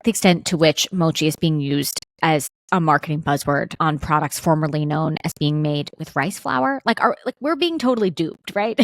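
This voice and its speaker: A woman's voice: sits low, expressive, normal speed, few pauses, no echo, studio quality. A woman hosting her own podcast as a dietitian, talking through food trends in a chatty, opinionated way with playful asides. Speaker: podcast host and registered dietitian. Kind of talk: solo podcast commentary.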